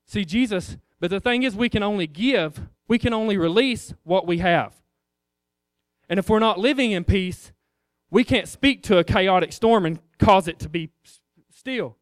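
A man preaching in a loose, conversational way, throwing questions out to the congregation. His voice is high and smooth, and it sounds dry and close. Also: moderate pace, no room sound. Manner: conversational, rhetorical questions, addresses the congregation as guys. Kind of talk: informal sermon.

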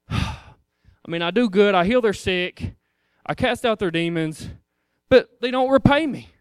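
A preacher acting out a weary, self-pitying Jesus who sighs and complains haltingly. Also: male voice, high voice, expressive, clean tone, no room sound, clean studio sound. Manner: sighing, halting, mopey complaints.

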